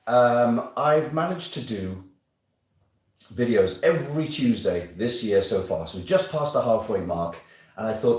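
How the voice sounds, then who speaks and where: A man hosts a weekly live stream from home, rambling, joking, mocking himself and teasing viewers in a chatty way. His voice is lowish and a little mellow, captured by a phone on a stand some distance away, giving a roomy sound.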